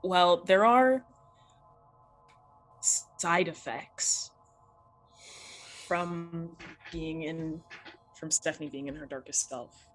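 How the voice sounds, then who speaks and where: A woman narrating a tabletop game as game master, telling the story slowly and deliberately. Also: on the low side, faint music behind, rough recording.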